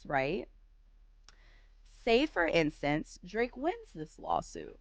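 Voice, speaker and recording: A woman host ranting in a casual reaction stream, firing off rhetorical questions and rising to animated outbursts. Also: mid-range voice, extremely slow, no echo.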